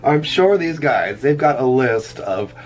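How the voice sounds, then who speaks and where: Middle-aged man, casual rambling chat, keeps chuckling at himself, mid-pitched, faint music behind. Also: animated, measured pace. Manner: rambling, chuckles often at his own jokes. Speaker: vlogger. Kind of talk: casual chat while drawing. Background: faint background music.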